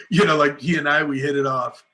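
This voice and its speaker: A middle-aged man, a filmmaker guest, telling lively anecdotes in a casual interview and acting out what people said, with many "like"s and "you know"s. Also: on the high side, moderate pace.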